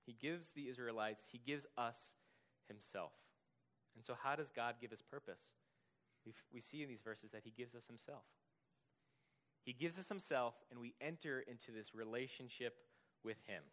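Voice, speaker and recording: Male pastor, sermon, earnest, lots of uhs and repeats, average pitch. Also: moderate pace, a bit bright. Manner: earnest, repetitive emphasis, frequent fillers.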